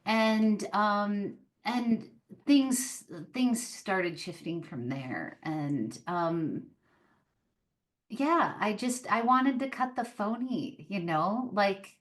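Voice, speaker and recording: A woman guest on a podcast tells her story in a loose, animated way, leaning on fillers as she goes. She speaks at an unhurried pace in a middle-pitched voice. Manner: animated, chatty, many fillers like "like" and "um". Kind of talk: casual storytelling in an interview.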